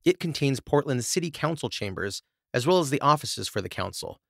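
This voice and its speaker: A man's voice: medium pitch, sing-song, a little fast, vocal fry, fairly bright tone, no echo, studio quality. A man hosting a podcast, reading researched history and then chatting loosely with laughs and stumbles. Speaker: podcast host reading the story. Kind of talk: scripted narration with casual asides.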